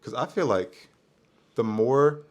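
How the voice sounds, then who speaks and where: A young man co-hosting a podcast, talking in a relaxed, laid-back casual way. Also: medium pitch, slow pace. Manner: relaxed, laid-back, says "bro" often. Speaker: podcast co-host. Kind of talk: casual chat.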